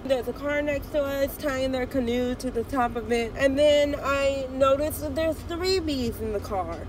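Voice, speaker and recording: A young woman and mom telling a lively story in a casual vlog, with an African American English accent. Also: high-pitched, unhurried, a little hiss or hum, rough recording. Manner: animated, excitable storytelling. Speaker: vlogger, mom.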